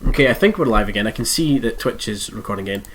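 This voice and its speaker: A man's voice: on the low side, expressive, quick pace, fairly bright tone, a little hiss or hum. A man streaming a strategy game live, thinking aloud through his moves in a congested, nasal voice. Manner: thinks aloud while playing, musing and self-correcting.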